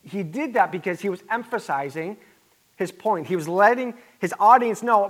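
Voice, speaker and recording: A pastor preaching a sermon in an earnest, emphatic way, with conversational asides. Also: male voice, high voice, animated, moderate pace, fairly bright tone.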